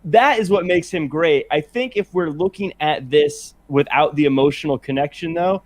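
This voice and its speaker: A man's voice: a little high, moderate pace. Man laying out a reasoned argument. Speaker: debate show panelist. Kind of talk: casual group chat.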